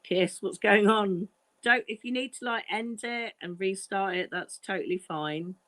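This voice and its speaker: A woman chatting loosely on a livestream, stepping in as co-host with corny jokes. She giggles and swears freely, padding her talk with ums and restarts. Her voice sits at an ordinary middle pitch. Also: a little slow, a bit bright. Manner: giggly, sweary, rambling with fillers. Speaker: stand-in co-host. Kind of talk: casual livestream chat.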